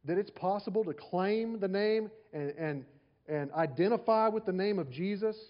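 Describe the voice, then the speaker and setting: A pastor preaches in a conversational way, with rhetorical questions and repeated lines. His voice sits slightly high for a man. The recording sounds a little dull and lo-fi. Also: normal speed. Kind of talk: sermon.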